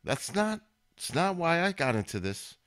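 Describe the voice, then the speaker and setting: A man's voice: a little high, sing-song, normal speed, fairly bright tone. A man hosting his own live stream, chatting casually and rambling as he talks straight to viewers in chat.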